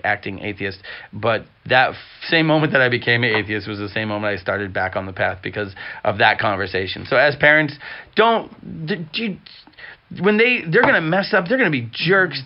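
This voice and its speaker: Middle-aged male guest, earnest halting storyteller, mid pitch, muffled recording. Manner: earnest, halting with restarts and fillers. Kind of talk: candid conversational storytelling. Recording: dull muffled sound.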